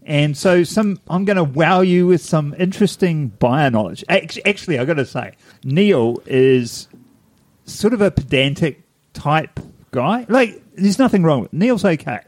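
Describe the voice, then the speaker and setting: A man's voice: on the high side, animated, unhurried, a little mellow, no room sound. A man, co-hosting a podcast in casual chat, rambling and laughing at himself. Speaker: podcast co-host.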